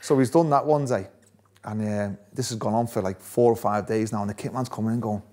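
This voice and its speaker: A man's voice: fairly low pitch, fairly quick, mellow. Chatty man telling stories. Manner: chatty, laughs often, restarts phrases. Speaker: former footballer guest. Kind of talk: casual interview storytelling.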